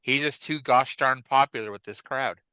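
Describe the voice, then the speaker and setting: A man's voice: medium pitch, normal speed, pushed and bright, clear, resonant tone, no echo, rough recording. A man co-hosting a wrestling podcast in a casual, rambling chat. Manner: chatty, rambling, with fillers. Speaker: podcast co-host.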